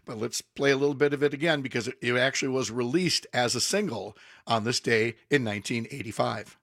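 A man's voice: medium pitch, brisk, vocal fry, fairly bright tone, no echo, clean studio sound. Chatty male morning radio host. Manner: chatty, laughs often. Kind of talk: casual morning radio banter.

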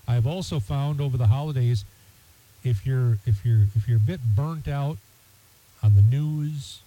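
A man's voice: mid-range voice, lo-fi sound. A man hosting a radio show, talking casually and rambling with many fillers and restarts. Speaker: radio host. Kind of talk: casual talk radio monologue.

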